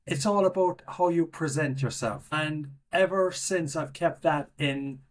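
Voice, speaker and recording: A man's voice: fairly high pitch, a little slow. A middle-aged Irish man, a podcast guest chatting casually with dry, self-mocking humor. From Ireland. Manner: wry, self-deprecating humor. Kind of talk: casual interview chat.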